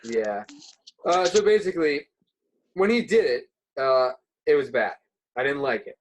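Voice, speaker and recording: Lively-voiced young man rambling in a podcast. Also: medium pitch, unhurried, poor audio. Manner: hesitant, heavy with "like" and "uh", restarting sentences. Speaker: podcast guest, subreddit moderator. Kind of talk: casual podcast chat.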